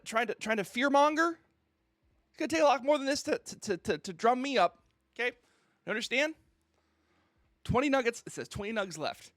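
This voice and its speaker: A man's voice: high-pitched, fairly bright tone, no echo, studio quality. A man streamer ranting on a casual livestream, mock-indignant and theatrical, who keeps asking "okay?".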